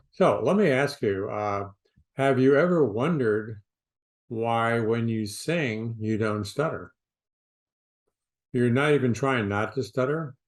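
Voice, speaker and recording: A middle-aged man teaches as a speech coach, talking straight to the listener. He speaks very slowly and deliberately, in short planned phrases with pauses between them, at a medium pitch. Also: darkish tone. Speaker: stuttering specialist and coach. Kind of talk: direct-to-camera speech therapy lesson.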